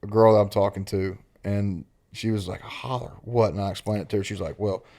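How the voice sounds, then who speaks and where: A man's voice: fairly low pitch, flat delivery, fast, a little mellow. A man with an Eastern Kentucky accent hosting a podcast, chatting casually and telling rambling, folksy stories. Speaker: podcast host. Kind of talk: casual interview chat.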